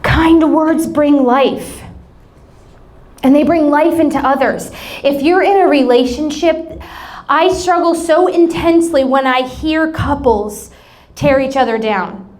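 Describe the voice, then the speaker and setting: A woman in her thirties with an American accent preaches a sermon as a pastor, telling a family story with laughing asides. Her voice is high-pitched with a darkish tone, and she speaks slowly.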